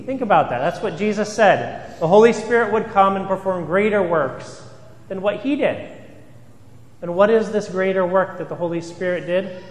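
A fairly high-voiced man preaches an earnest sermon, leaning on rhetorical questions and repetition. His voice carries through a reverberant church, with a long tail of echo after each phrase. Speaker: priest.

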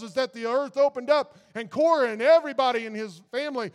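A man's voice: very high voice, fast talker, hardly any pauses, clean tone. A man pastor giving an informal sermon, talking casually to his congregation and building to fervent intensity. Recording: long reverb of a large hall.

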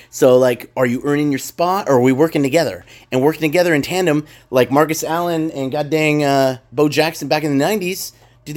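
A man's voice: a little high, darkish tone. A man in casual podcast chat, rambling and emphatic, swearing freely as he makes his points.

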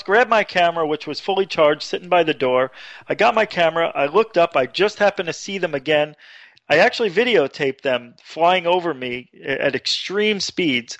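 A man telling a story casually as a radio show guest, animated, jumping his voice high when he quotes people. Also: dry recording. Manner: animated, acts out quotes with sudden high pitch.

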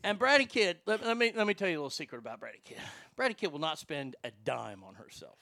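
A man casually telling a story on a chat show, animated and profane, jumping from loud bursts to hushed asides. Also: a little high, fast talker, vocal fry, no echo.

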